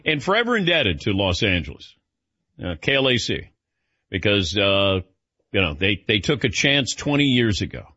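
A man's voice: lowish voice, sing-song, normal speed, sharp tone, no room sound. A middle-aged man hosting a sports radio show, chatting casually with a wry, self-deprecating manner. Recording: dull lo-fi broadcast audio.

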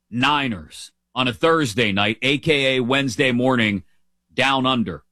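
A man's voice: fairly high pitch, a bit bright, no echo. Opinionated man hosting a sports talk show. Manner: opinionated, playful, emphatic. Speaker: sports podcast host. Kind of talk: casual sports commentary.

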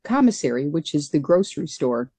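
A woman's voice: low voice, big pitch swings, brisk, warm tone, husky, no room sound. A woman who was a military pilot, telling her story as a radio interview guest in an earnest, reflective way.

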